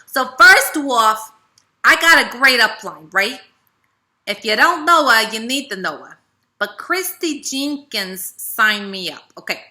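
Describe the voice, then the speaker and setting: A woman from the American South with a Southern accent, giving a chatty, animated motivational talk to her team as a leader. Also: fairly high pitch, a little slow. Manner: chatty, animated, with frequent "right?" and "okay". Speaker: network marketing team leader.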